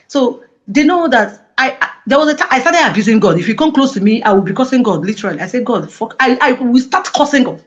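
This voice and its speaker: Woman, impassioned, halting restarts, dull lo-fi sound. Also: a little high. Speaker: interviewee. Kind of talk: emotional interview testimony. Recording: dull lo-fi audio.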